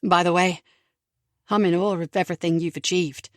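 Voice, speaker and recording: A woman's voice: lowish voice, steady tone, normal speed, dry recording, clean studio sound, pitched below the performer's own voice, close to an everyday voice. A woman voicing a friendly, admiring male footballer from Wales in an audiobook, speaking earnestly and eager to please.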